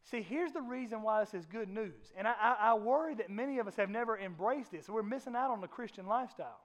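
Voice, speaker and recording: A man's voice: high voice, lively intonation, quick pace. A man preaching a sermon as pastor, with an impassioned delivery that rises and falls, sometimes acting out voices in a casual way.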